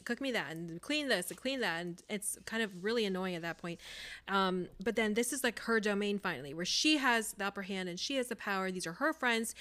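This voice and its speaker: A woman's voice: medium pitch, smooth. A woman co-hosting a podcast, chatting enthusiastically about a drama, filling her talk with "like" and bursting into laughter. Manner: enthusiastic, laughs loudly, lots of "like". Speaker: podcast co-host. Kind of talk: casual chat reviewing a drama.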